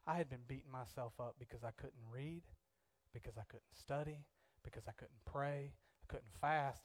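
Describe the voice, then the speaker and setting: A young man preaching, telling a personal story with animated bursts and quiet, reflective stretches. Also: medium pitch, dry recording.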